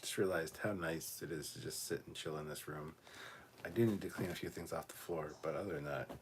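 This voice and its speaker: A man co-hosting a relaxed livestream chat from a room at home, reading viewer comments aloud and swearing freely. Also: extremely low pitch, a little fast, a little hiss or hum. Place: home room cluttered with costumes.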